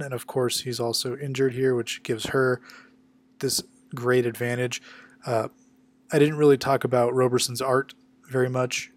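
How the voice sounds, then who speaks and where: A man giving a casual spoken recap of a comic book issue, quickly voicing the characters' lines as he goes. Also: medium pitch. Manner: conversational, acts out characters' lines with quick quotes.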